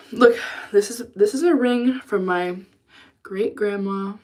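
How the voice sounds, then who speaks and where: A woman's voice: mid-range voice, slow pace, very noisy. Chatty young woman livestreamer venting. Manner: chatty, swears freely, vents and answers chat. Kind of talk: casual livestream chat.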